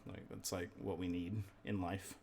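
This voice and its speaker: A man's voice: low-pitched, level tone, normal speed, creaky, a little mellow, slight background noise. A man hosting a casual live gaming podcast, rambling loosely with lots of filler words and casual swearing. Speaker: podcast host and streamer.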